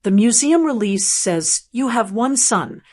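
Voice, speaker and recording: A pushy newspaper reporter fires off quick, sharp questions, voiced by a woman reading the story. His voice is clipped and insistent. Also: on the high side, lively intonation. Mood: pressing.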